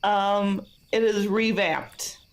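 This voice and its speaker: A woman's voice: medium pitch, fairly even intonation, very slow. A woman co-hosting a podcast in casual chat, laughing often between her phrases. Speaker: podcast co-host.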